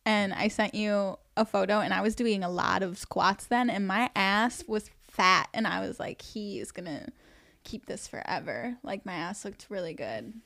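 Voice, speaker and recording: A woman's voice: medium pitch, expressive, normal speed, vocal fry, fairly bright tone. A young woman co-hosting a casual podcast, chatty and giggly. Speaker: podcast co-host. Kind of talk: casual couple chat.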